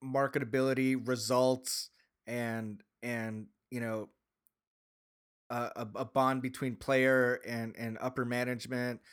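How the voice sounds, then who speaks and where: A man's voice: medium pitch, flat delivery, measured pace, clear, resonant tone. A man from Green Bay co-hosting a podcast, ranting about sports in a casual, rambling way, full of restarts, and rising into heated outbursts. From Green Bay, Wisconsin. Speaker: podcast co-host. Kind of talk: casual sports talk rant.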